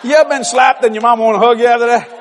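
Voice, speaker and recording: A man's voice: extremely high pitch, fairly even intonation, rapid-fire, slight background noise. A man with a Cajun accent, preaching humorously through childhood stories and laughing as he tells them.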